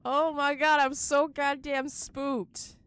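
A woman's voice: high-pitched, little pitch movement, slow pace, a bit bright. A young woman commenting on a horror game as she plays, easily spooked, shrieking, swearing and laughing nervously. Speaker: gaming video host.

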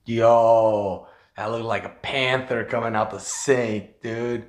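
A man hosting a casual reaction commentary, high and talking in a profane, laughing way. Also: fairly even intonation, a little slow. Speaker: host. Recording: echoey room with loud music. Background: loud music.

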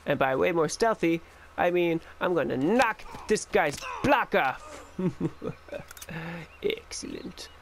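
A man giving casual let's-play commentary as a gaming channel host, excitable and chatty, talking back to the game as he plays. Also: fairly high pitch, slow, creaky, slight background noise.

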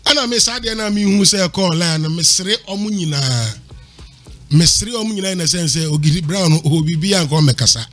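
A man's voice: fairly high pitch, animated, brisk, a bit bright, soft background music. A man making an emphatic argument on a panel, lecturing and repeating his points for emphasis while mixing Twi and English. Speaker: panel commentator.

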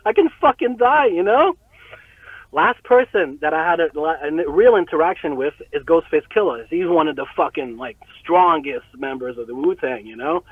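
A man guest telling a story in a casual interview, excitable, swearing and acting out quotes. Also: fairly high pitch, breathy edge, dry recording. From Canada. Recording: tinny phone-like line.

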